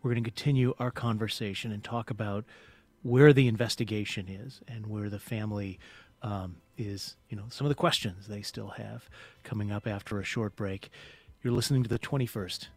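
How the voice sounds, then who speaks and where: A man hosting a radio interview program, speaking in a measured, formal broadcast manner. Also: lowish voice, fairly even intonation, darkish tone. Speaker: radio show host.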